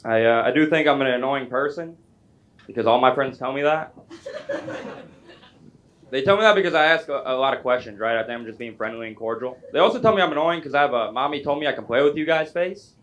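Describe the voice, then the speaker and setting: Fast-talking young male stand-up comic. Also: medium pitch, fairly bright tone, dull audio, a little hiss or hum. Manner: chatty, self-deprecating, quick asides to the crowd. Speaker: stand-up comedian. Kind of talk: stand-up comedy set. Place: music club stage.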